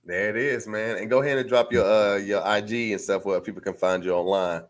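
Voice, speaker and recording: A lower-voiced man hosts a podcast in a relaxed, easygoing way, thanking his guest and keeping things casual. He closes his lines with an easy "man". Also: a little fast. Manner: laid-back, says "man" a lot. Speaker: podcast host.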